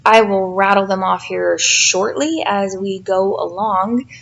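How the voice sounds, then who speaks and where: A tired, yawning mother who runs a cooking vlog does a casual voice-over, chatty and self-deprecating, rambling with fillers. Her female voice is mid-range with a gravelly edge and a fairly bright tone, and she speaks slowly. It's recorded on a home voice-over mic with a lo-fi sound.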